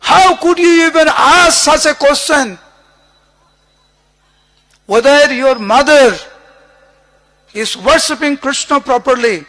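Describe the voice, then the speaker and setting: A man's voice: extremely high pitch, steady tone, unhurried, long pauses, fairly bright tone, pitched above the performer's own voice. A man voicing an indignant, devoted male disciple who fervently scolds his lord in a retold scripture story. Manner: fervent, reproachful, emphatic.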